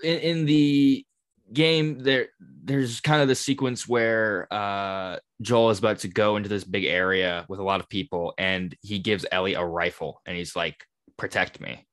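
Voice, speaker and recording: A man's voice: on the low side, steady tone, measured pace, fairly bright tone. A man co-hosting a podcast who chats casually, explaining game lore and often trailing off with a laugh. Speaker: podcast co-host. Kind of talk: casual chat.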